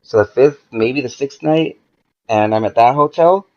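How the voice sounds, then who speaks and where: Gravelly-voiced man telling a story. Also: mid-range voice, normal speed, dull audio. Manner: profane, animated, acts out quoted dialogue. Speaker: podcast guest. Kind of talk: casual storytelling.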